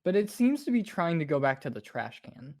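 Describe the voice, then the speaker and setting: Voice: medium pitch, sing-song, brisk, darkish tone. A game master narrating a tabletop horror game and asking players for rolls.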